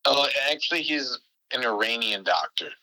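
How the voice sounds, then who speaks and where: Male podcast guest, giggly and rambly, bright sharp tone. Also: mid-range voice, normal speed, low-quality recording. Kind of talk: casual comedic banter.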